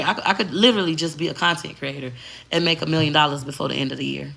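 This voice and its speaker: A woman vlogger rants casually and very profanely straight to her viewers, switching between slang and a proper voice. Her voice sits low and gravelly with a bit of brightness, and she talks fast in an emphatic, preachy way.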